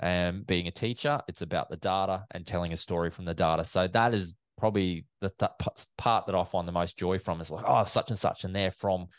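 Aussie MC guy telling stories, kinda low voice, lots of ums, dry close mic. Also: a little fast, few pauses, smooth, no echo. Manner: lively storyteller, many fillers and restarts. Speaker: event MC. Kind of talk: casual interview chat.

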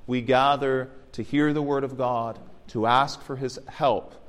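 A man, an Orthodox priest, explaining the liturgy to his congregation in a gently encouraging teaching sermon. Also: medium pitch, fairly even intonation, measured pace, clean tone. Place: church. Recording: long church reverb.

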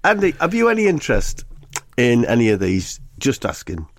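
A man's voice: mid-range voice, huge pitch swings, moderate pace, vocal fry, no room sound, faint music behind. A man co-hosts a comedy podcast and reacts to his partner with wry remarks. His intonation moves around a lot, and the recording is close and dry. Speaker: podcast co-host. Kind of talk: casual comic chat.

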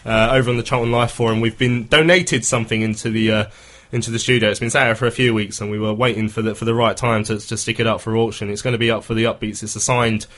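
A man's voice: fairly low pitch, fairly even intonation, fairly bright tone. A man hosting a football phone-in radio show, chatting casually with lots of fillers and restarts. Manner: quick, hesitant, many fillers.

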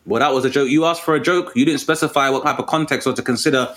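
A man's voice: medium pitch, very fast. A man, a comedian talking articulately and animatedly in a casual conversation. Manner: articulate, animated storytelling with put-on voices.

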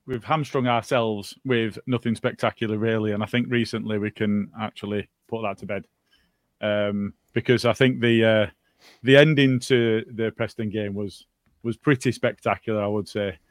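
A man hosting a casual football podcast, talking in a relaxed, rambling way with many fillers. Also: on the low side, moderate pace, no room sound. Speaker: podcast host.

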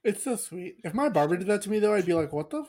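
A woman's voice: medium pitch, lively intonation, fast talker, mellow. A woman co-hosting a podcast in casual chat, blunt and joking, and she swears freely. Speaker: podcast co-host.

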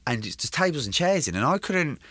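A man's voice: a little high, sing-song, fairly quick, a bit bright, no room sound. A man telling a long, rambling story in casual interview chat, swearing freely and slipping into voices of the people in it. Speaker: guest.

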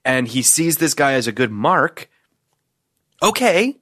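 A man's voice: medium pitch, unhurried, no echo, studio quality. A man co-hosting a podcast, talking through a film review in a rambling, swearing, casual way. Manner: profane, rambling, animated. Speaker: podcast co-host. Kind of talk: casual movie review chat.

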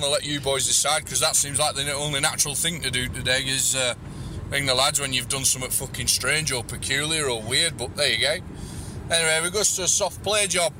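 Male caller, crude rambling storyteller, slightly high voice, voice memo with traffic noise behind. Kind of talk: recorded voice message story.

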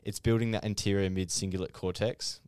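A young adult man co-hosting a podcast, explaining his points in an earnest, fast, conversational way. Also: sits low, little pitch movement, darkish tone, clear, resonant tone, no room sound, studio quality. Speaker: podcast co-host. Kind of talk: casual podcast chat.

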